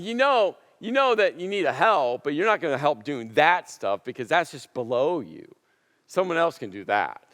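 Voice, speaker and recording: Emphatic preacher in a reverberant hall. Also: male voice, mid-range voice, a bit bright. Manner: storytelling, emphatic, with dramatic pauses and repetition. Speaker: pastor. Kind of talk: sermon. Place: church auditorium.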